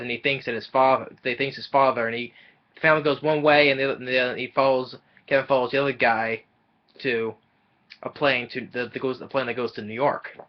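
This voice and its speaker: A man talks through a movie plot in a loose, rambling way, stumbling over his words and restarting often. His voice sits at an ordinary middle pitch, and the recording sounds dull and lo-fi. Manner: rambling and halting, with many fillers and restarts. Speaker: movie reviewer. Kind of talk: casual spoken film recap.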